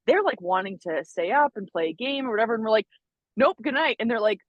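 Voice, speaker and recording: A woman's voice: on the high side, lively intonation, quick pace, dry recording, highs cut off. A young adult woman co-hosting a podcast, telling stories animatedly with frequent laughs and self-deprecating asides. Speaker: podcast co-host. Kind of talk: casual chat.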